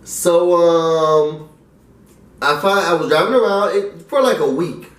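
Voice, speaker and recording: A man's voice: a little high, slow. A young man from New York telling a story casually and animatedly, acting out the other people's lines. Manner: animated, acts out the voices in his story. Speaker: vlogger. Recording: roomy, mic at a distance.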